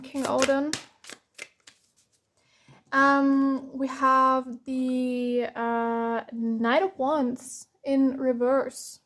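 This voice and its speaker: A young woman from Germany giving an emotional tarot reading, close to tears and hesitant, with many fillers and restarts. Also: high-pitched. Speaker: tarot reader.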